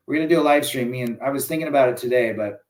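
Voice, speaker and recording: A man's voice: mid-range voice, racing. A man hosting a casual live stream, reading viewer comments aloud and answering with blunt opinions. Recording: echoey room.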